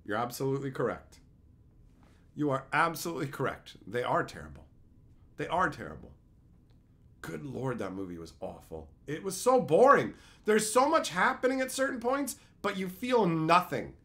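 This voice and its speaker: A man's voice: high-pitched, a bit bright. A man streaming live, chatting casually with his chat and ranting with repeated, profane phrases. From Canada.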